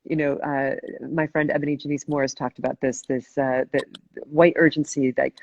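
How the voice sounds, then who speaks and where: A woman hosting a live video chat, asking a long thoughtful question with many pauses and restarts. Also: extremely low pitch, little pitch movement, a little mellow, no echo, highs cut off. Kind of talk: casual live-stream conversation.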